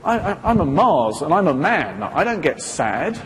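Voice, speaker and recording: On a stage in a hall, a seminar presenter gives a live talk, quizzing the audience and acting out short quoted exchanges. His voice sits fairly high and has a sing-song lilt at a normal speed. The hall is reverberant, with a faint hiss in the background.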